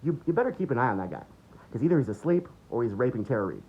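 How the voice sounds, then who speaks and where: A man's voice: medium pitch, sing-song, very fast, slightly rough. Guy ranting about politics, swears a lot, voice jumps all over, kinda muffled lo-fi audio. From United States. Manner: heated, swearing, mocking. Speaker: political commentator. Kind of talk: unscripted political rant. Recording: dull lo-fi recording.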